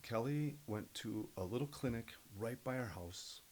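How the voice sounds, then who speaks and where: A middle-aged man, a podcast guest, telling stories in an earnest, animated way. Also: mid-range voice, moderate pace, slight background noise, low-quality recording. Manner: earnest, animated storyteller who acts out other people's voices. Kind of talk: casual storytelling interview.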